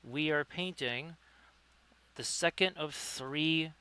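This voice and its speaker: Bright, clear-voiced male painting streamer. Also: fairly high pitch, slow. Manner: chatty, greets viewers by name; upbeat, self-correcting. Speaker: livestream host, painting tutor. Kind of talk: live-streamed miniature painting lesson.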